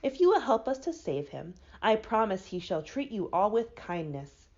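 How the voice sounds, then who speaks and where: A cheerful scarecrow man stuffed with straw, eager and quick to speak, his voice bouncing up and down, as a woman reads him in a storybook. The recording sounds a little dull and lo-fi. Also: mid-range voice, sing-song, a little mellow.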